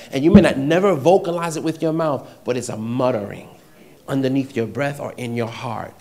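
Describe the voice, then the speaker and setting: Delivering a sermon at a moderate pace, a man with an animated, mid-range voice repeats short phrases, alternating between loud exhortation and quiet, near-whispered stretches.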